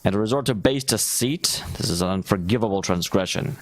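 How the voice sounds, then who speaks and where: A man voicing a scheming, smooth-talking villain lord in a video game, reading his lines slowly and haughtily. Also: lowish voice, no echo, voice pushed down, close to an everyday voice. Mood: haughty. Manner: slow, haughty, deliberate. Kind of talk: reading game dialogue in voices.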